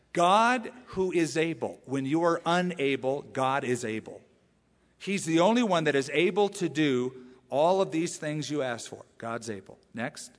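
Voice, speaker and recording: Emphatic male pastor in a reverberant hall. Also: fairly high pitch. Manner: animated, emphatic, repeats phrases. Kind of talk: sermon. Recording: long reverb of a large church hall.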